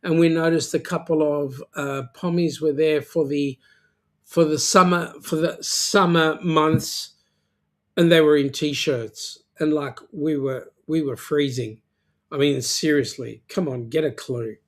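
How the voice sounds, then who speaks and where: Halting man hosting a casual chat. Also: on the high side, steady tone. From South Africa. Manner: halting, with many filler sounds and restarts; joking and teasing. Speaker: livestream host. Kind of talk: casual livestream chat, reading viewer comments.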